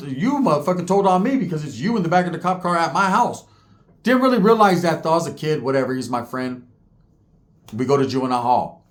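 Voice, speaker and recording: A man's voice: on the high side, expressive, fast. A man in his forties from California, telling street stories in a casual, profane way with heavy slang. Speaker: storyteller host.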